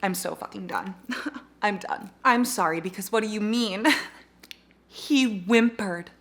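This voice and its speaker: A woman in her twenties chatting casually in a reading vlog, gushing and excitable, swearing freely. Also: mid-range voice, normal speed. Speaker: reading vlogger.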